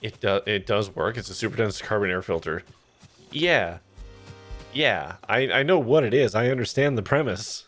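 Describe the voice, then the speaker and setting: A man casually commenting on a video game as he plays, chatty and quick to swear. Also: lowish voice, expressive, fairly bright tone, soft background music. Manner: chatty, swearing, laughing asides. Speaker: let's play streamer.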